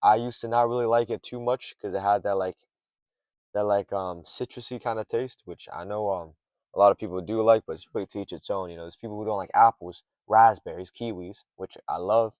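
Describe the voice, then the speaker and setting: A man's voice: lowish voice, fairly even intonation, fairly quick, a little mellow, dry recording. A young man rambling late at night from a parked car in a garage, swearing often and drifting off topic. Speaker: streamer rambling to camera.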